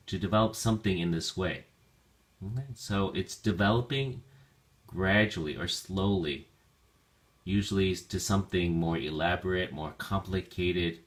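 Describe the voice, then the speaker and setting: A man teaching English vocabulary to learners, repeating each word slowly and carefully with clear enunciation and occasional ums. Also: deep voice. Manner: slow, careful enunciation of words. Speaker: ESL teacher. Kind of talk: vocabulary lesson narration.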